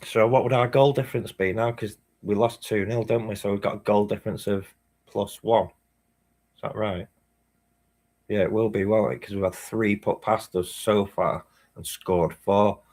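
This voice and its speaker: A man's voice: on the low side, steady tone, normal speed, darkish tone. A man hosting a live match watchalong, chatting casually, swearing and reading chat messages aloud. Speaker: fan channel host.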